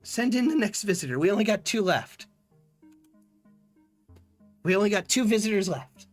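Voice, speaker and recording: A man streaming a text strategy game live, reading its text aloud with playful, quick reactions. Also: sits high, animated, soft background music.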